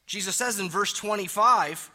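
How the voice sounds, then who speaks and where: A man delivers a sermon from the pulpit in a fairly high, bright, forceful voice. He presses hard on key words, then sinks into quiet, low phrases before building up again. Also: moderate pace. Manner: emphatic preaching, swinging between loud stresses and hushed low phrases. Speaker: pastor.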